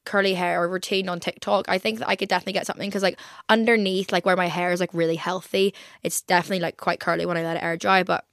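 A woman's voice: on the low side, level tone, fast talker, a bit bright, no echo, studio quality. A young woman in her twenties with an English accent, chatting casually as a podcast host and rambling with lots of "like". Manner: rambling, heavy use of "like". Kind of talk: casual chat.

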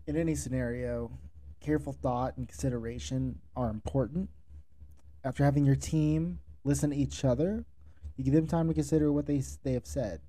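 A man's voice: mid-range voice, fairly quick, dark tone. A man hosting a podcast, speaking directly and instructively as he coaches restaurant leaders. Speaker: podcast host, restaurant manager. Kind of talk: solo podcast monologue giving advice.

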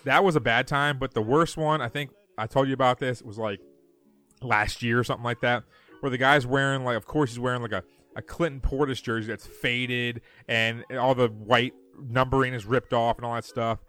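A man's voice: mid-range voice, moderate pace. A man co-hosting a podcast, telling a story in a casual chat and acting out the quoted lines. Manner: animated storytelling, acts out quoted dialogue. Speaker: podcast co-host.

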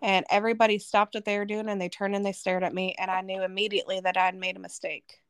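Woman from Arizona, guest giving testimony; smooth, mid-pitched voice, heartfelt delivery. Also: flat delivery, fast talker, dry recording. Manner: earnest, emotional storytelling. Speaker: podcast guest. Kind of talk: personal testimony in conversation.

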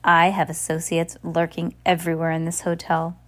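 A woman's voice: fairly low pitch, monotone, moderate pace, natural voice. A woman reading aloud, voicing a scheming, sneering villainous man from a storybook. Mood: boastful. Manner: sneering, boastful.

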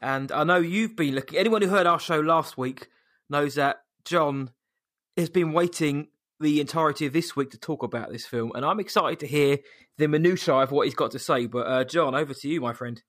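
A man's voice: fairly high pitch, moderate pace, fairly bright tone. An English man co-hosting a film podcast, friendly and chatty with polite British turns of phrase. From England. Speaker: podcast co-host. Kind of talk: casual chat.

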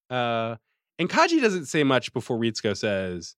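A man co-hosting a podcast in casual chat, animated and laughing often, recapping episodes on a close mic. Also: medium pitch, no echo. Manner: animated, laughing, slips into quick character voices. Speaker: podcast co-host recapping an anime.

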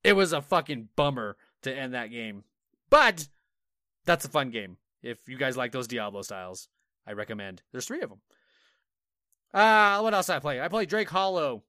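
A man's voice: mid-range voice, lively intonation, normal speed, sharp tone, dry recording, clean studio sound. A man co-hosting a casual gaming podcast, telling stories with lots of swearing and acting out his own reactions. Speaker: podcast co-host.

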